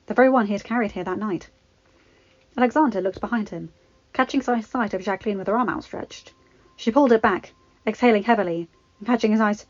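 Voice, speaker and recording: A woman reading fan fiction aloud in a steady, expressive storybook narration. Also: mid-range voice, fast talker, no room sound, highs cut off.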